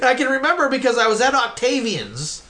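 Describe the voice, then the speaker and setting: A middle-aged man hosting a casual interview, telling stories in a rambling, animated way with some swearing. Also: very high voice, fast talker. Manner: rambling, animated storytelling with profanity. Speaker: podcast host.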